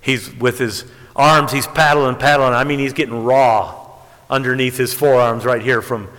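A man's voice: fairly even intonation, normal speed, fairly bright tone. Storytelling male preacher in a reverberant hall. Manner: storytelling, rising to emphatic high peaks. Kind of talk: sermon.

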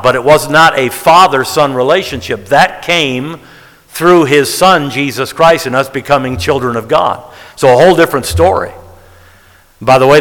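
A man's voice: medium pitch, fairly bright tone. Preaching man in a reverberant hall. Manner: emphatic, counting out word tallies with stress on key words. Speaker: preacher teaching the Bible. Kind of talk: sermon-style Bible teaching. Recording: long reverb of a large hall.

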